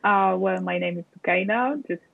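A woman's voice: medium pitch, normal speed, gravelly, no echo, narrow, tinny audio. A woman from Morocco, chatting casually as an interview guest and using frequent fillers.

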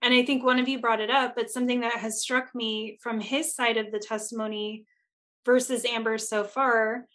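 A woman talking on a casual chat show with a voice sitting a little high. She is blunt and candid, swearing freely and acting out other people's words as she goes. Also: little pitch movement, moderate pace, a bit bright.

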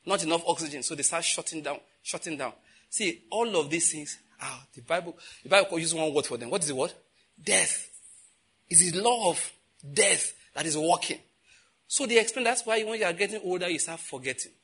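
A man's voice: on the high side, fairly quick, fairly bright tone, husky. A man preaching a sermon, asking the congregation questions and answering them himself, with emphatic repetition. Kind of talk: sermon teaching.

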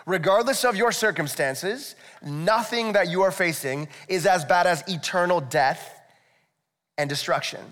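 A man's voice: high-pitched, unhurried, fairly bright tone. A male pastor preaching a sermon in a conversational, explanatory way, with rhetorical asides to the congregation. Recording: echoey hall, long reverb.

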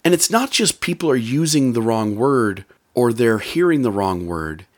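A man's voice: mid-range voice, sing-song, normal speed. A man giving an earnest motivational talk about relationships, repeating phrases for emphasis.

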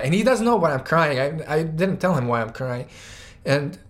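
A man's voice: fairly high pitch, expressive, normal speed. A young man telling a personal story, casual and heartfelt, with many "like"s. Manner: casual, says "like" often, grows louder and more emotional. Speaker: guest storyteller.

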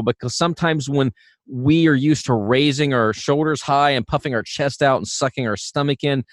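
A man's voice: on the high side, no echo. Chatty male vocal coach, dry sound. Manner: relaxed, chatty, full of fillers and restarts. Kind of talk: casual instructional talk.

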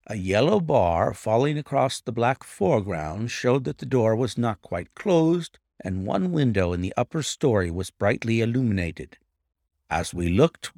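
A man narrating a classic detective story in an expressive reading voice. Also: on the low side, no echo, studio quality.

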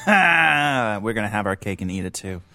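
A man's voice: lowish voice, big pitch swings, unhurried, bright, forceful tone, soft background music. A man on a film podcast panel, teasing the others in dry, casual chat.

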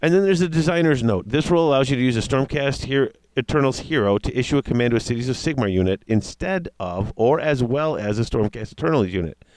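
A man in casual chat, reading tabletop game rules aloud and reacting with excitement. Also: medium pitch, fast, few pauses, no echo. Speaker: tabletop wargame player discussing rules.

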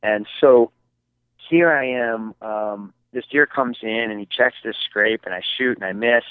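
A man's voice: lowish voice, a little slow, clear, resonant tone, no room sound. Man telling stories on a tinny line. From Michigan, United States. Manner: rambling, many fillers and restarts. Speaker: podcast guest, archery filmmaker. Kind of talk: casual storytelling. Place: his basement at home.

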